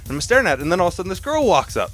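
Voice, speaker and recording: A man's voice: high voice, big pitch swings, rapid-fire, a bit bright, faint music behind. A young man co-hosting a podcast, telling a story in casual, profane chat. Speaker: podcast co-host.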